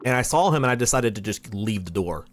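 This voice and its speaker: A man's voice: fairly low pitch, lively intonation, fast talker, faint music behind. A man streaming a video game live, reading chat aloud and giggling as he plays. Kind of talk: casual gaming livestream chat.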